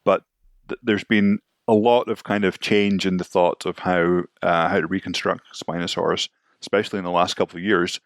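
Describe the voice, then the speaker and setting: A man's voice: sits low, fairly even intonation, moderate pace. A man co-hosting a podcast, talking in a rambling, hedging, easygoing way. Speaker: podcast co-host. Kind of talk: casual chat.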